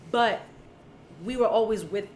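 A woman's voice: medium pitch, a little slow. A young woman co-hosting a podcast, telling a story in casual chat and acting out the voices of the people in it. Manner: animated, acts out voices in her stories. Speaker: podcast co-host. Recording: echoey room with faint noise.

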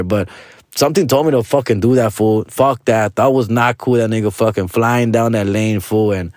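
A man tells a casual, animated story, full of profanity and slang, switching between Spanish and English. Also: lowish voice, moderate pace, no room sound, clean studio sound. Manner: animated, with frequent street-slang tags.

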